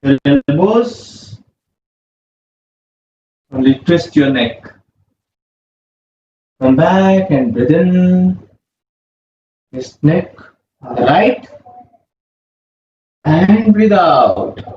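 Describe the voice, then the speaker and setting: A man, leading a yoga class with calm, slow breathing cues. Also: fairly high pitch. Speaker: yoga instructor. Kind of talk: guided yoga instruction. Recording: roomy, distant, muffled with faint hum.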